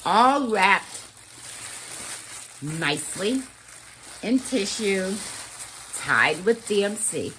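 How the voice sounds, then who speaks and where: A woman chatting to camera as a cross-stitch vlogger, gushing and excitable as she talks straight to her viewers. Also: mid-range voice, very slow, long pauses, a little hiss or hum. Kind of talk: casual chat to camera.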